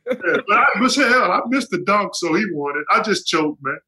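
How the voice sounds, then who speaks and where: A man's voice: high-pitched, animated, normal speed, sharp tone, low-quality recording. A man in his fifties, a former pro basketball player, telling stories as a podcast guest, laughing often and using salty slang. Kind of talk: casual interview chat.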